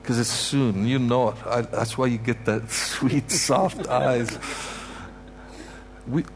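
Man, preacher, from Canada, mid-pitched voice, emphatic sermon delivery, faint background hum. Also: fairly even intonation, slow. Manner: emphatic, repetitive, heartfelt blessings. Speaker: guest preacher. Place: church sanctuary.

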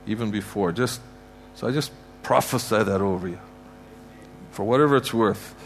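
Speaking at a moderate pace in a lowish voice, a guest preacher from Canada offers a heartfelt sermon to a church congregation. He drives his points home by repeating them and pronounces blessings from the sanctuary, where slight background noise can be heard.

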